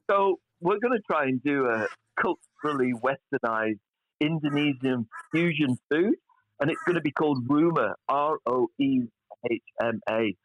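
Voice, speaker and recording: A man's voice: fairly high pitch, animated, moderate pace, fairly bright tone, a little hiss or hum. A man, a chef guest talking bluntly and swearing freely in a casual podcast chat. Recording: dull lo-fi sound.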